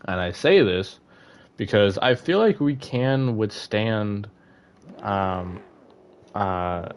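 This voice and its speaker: A man's voice: on the low side, animated, takes it slowly, clean tone. A young man streaming, chatting casually to his viewers, rambling with lots of fillers and restarts. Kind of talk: casual live-stream chat.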